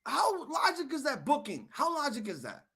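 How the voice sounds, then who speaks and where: A man hosting a live wrestling reaction stream, ranting angrily and swearing, swinging from muttering to shouting. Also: extremely high pitch, wildly swooping pitch, normal speed, creaky. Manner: angry, profane ranting.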